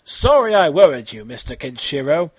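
A man's voice: fairly high pitch, very animated, normal speed, breathy edge, no room sound. A man voicing a small, brave, sweet schoolgirl in an amateur fan-fiction reading, earnest and simple. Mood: apologetic.

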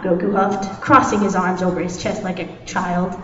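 A woman volunteer reading a story aloud dramatically at a live event, animated and giggly. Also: mid-range voice, normal speed. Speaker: audience volunteer reader. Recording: echoey hall from far off, dull.

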